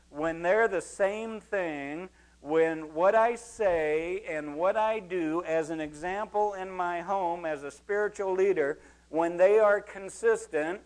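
Fairly high-voiced male preacher. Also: low-quality recording. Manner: expository preaching, acting out quoted voices. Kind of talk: sermon.

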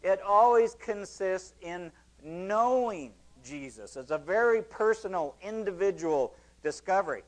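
A man's voice: high voice, lively intonation, a little slow, poor audio. A male pastor delivering a sermon to his congregation, preaching with rising emphasis.

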